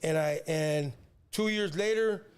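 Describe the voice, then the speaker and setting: At a slow pace and in a smooth, slightly high voice, a fifty-something rapper from San Diego, California, shares a long personal story as a guest. His casual storytelling wanders, uses slang, and frequently repeats words.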